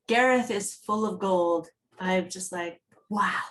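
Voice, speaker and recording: A woman's voice: mid-range voice, extremely slow. Woman giving a chatty conference talk. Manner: conversational, animated storytelling. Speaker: accessibility speaker. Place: online meetup talk.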